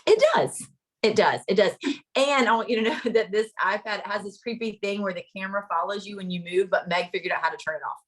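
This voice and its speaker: A woman's voice: mid-range voice, quick pace. A woman co-hosting a casual chat from a home, bubbly and giggly, recorded on a tablet. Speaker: co-host. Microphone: iPad.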